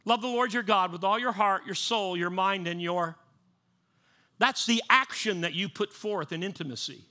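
High-pitched and sharp, the preacher talks at an ordinary pace, keeping his sermon conversational. Repetitions and restarts are common, and he acts out voices in a panic.

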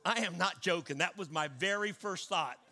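A man preaching a sermon, telling a story and swinging between hushed asides and loud declarations. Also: sits high, normal speed.

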